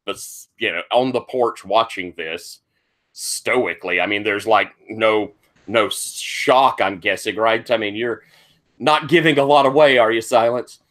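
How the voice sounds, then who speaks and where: Bright-voiced man running a tabletop game. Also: lowish voice, measured pace. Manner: descriptive, improvising with many fillers. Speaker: game master.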